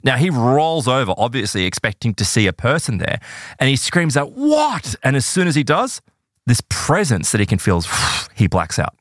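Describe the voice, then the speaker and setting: A man telling an eerie true story in a casual podcast chat, animated and full of "right?" and "like". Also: medium pitch, normal speed, dry recording, clean studio sound.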